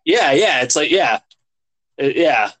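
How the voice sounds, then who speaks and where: A man co-hosts a podcast, chatting about songs in a loose, casual and eager way and saying "yeah" and "like" constantly. His voice is fairly high, animated and fairly bright, he speaks slowly, and the audio is poor.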